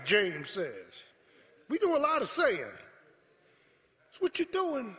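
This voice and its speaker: A pastor preaching a sermon to his congregation, calling out to them and building up to shouts. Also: very high-pitched, wildly swooping pitch, slow, long pauses. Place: church sanctuary. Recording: echoey church hall.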